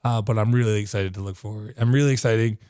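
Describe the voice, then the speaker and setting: An out-of-breath man whose voice is fading, reviewing a comic book in an excited, rambling way full of "like". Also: lowish voice, quick pace, dry recording, studio quality. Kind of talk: casual video review.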